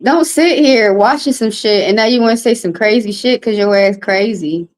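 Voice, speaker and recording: A woman's voice: medium pitch, moderate pace, low-quality recording. A woman doing a casual livestream tarot card reading, talking bluntly and profanely with rambling asides.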